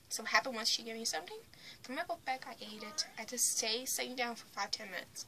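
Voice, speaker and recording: A woman's voice: fairly high pitch, expressive, fast talker, vocal fry, a crowd in the background. A young woman vlogger casually telling a personal story to the camera, blunt, often dropping to a whisper. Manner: blunt, retelling with swings in loudness.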